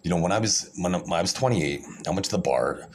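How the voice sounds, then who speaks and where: A man's voice: low voice, expressive, brisk, background noise. A man talking straight to camera in a rambling monologue, boastful, profane and combative, often restarting his phrases. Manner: repeats himself, restarts phrases. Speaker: video creator.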